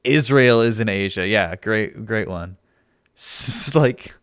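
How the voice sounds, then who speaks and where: A man's voice: lowish voice, slow, no echo, clean studio sound. A young man streaming, arguing with his chat in a sarcastic, argumentative way and laughing often. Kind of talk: casual livestream chat.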